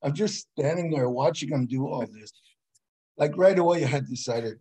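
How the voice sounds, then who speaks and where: A man with a husky, slightly breathy voice, telling a story in a laid-back, unhurried way. He is a guest on a casual martial arts chat. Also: medium pitch, warm tone, low-quality recording. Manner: laid-back storyteller, laughs at his own tale.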